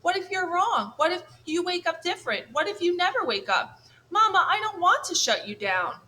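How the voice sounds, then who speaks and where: A woman voicing a young male gosling, anxious and tender, with a high, worried, sniffly way of talking. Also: big pitch swings, normal speed, sharp tone, full character voice.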